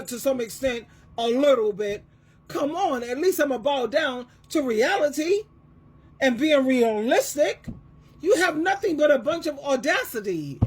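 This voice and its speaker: Husky, emphatic woman in a heated monologue. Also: high voice. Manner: emphatic, repeats phrases, swings from loud to soft. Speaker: advice coach and Christian counselor. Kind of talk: emotional monologue.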